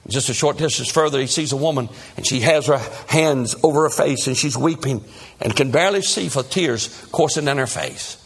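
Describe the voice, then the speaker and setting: A man's voice: medium pitch, normal speed, husky. A male preacher telling a Bible story dramatically and acting out the characters. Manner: animated, acts out the characters.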